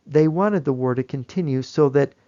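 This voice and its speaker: A man giving a lecture-style presentation, telling the story in a measured, emphatic way. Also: mid-range voice, dark tone, dull audio.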